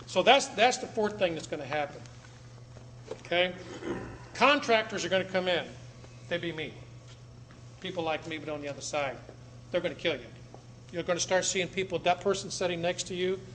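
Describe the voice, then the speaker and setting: An American man lecturing a live audience in a blunt, dramatic way, with sudden loud bursts. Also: a little high, a little fast, long pauses. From United States. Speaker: public speaker. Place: meeting room with an audience. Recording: echoey room, faint background noise.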